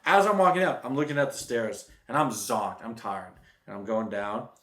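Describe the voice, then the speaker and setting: Young male vlogger, mid pitch, rambling animated storyteller, echoey room. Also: moderate pace. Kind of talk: casual storytime vlog.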